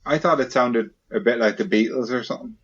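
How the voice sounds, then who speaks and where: A man hosting a casual comedy podcast, peppering his friends with quick playful questions. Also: mid-range voice, a bit bright, breathy edge, lo-fi sound. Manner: playful, quick questions, jumps into silly voices. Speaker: podcast host.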